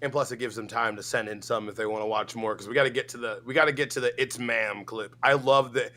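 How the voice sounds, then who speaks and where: A man co-hosting a reaction stream, talking in an animated, profane, ranting way. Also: mid-range voice, quick pace. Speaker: stream co-host. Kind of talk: casual reaction-stream chat.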